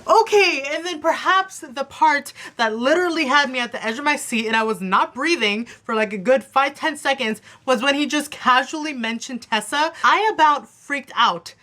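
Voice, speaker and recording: Young woman, bright voice, fangirl review vlog, gushing and breathless, recorded to her camera. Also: high-pitched, normal speed, hardly any pauses. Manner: gushing, breathless fangirl chatter full of fillers. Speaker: TV review vlogger. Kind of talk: excited casual TV episode review. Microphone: camera on her desk after her phone stopped recording.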